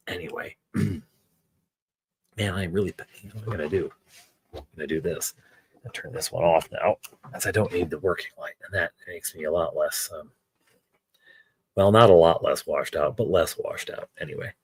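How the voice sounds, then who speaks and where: A man with a low voice hosts a crafting stream and chats as he works. He wanders from story to story and jokes at his own expense. His voice sounds close and dry, with no room echo. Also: slightly rough. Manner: meandering, self-deprecating. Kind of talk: casual chat while crafting.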